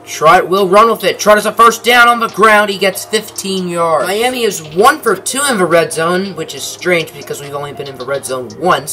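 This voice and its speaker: Young male gaming host calling the action like a sportscaster; higher, bright voice with dry humor, faint music under it. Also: normal speed, hardly any pauses. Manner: mock sportscaster delivery with dry asides. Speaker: gaming commentator. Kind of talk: play-by-play game commentary.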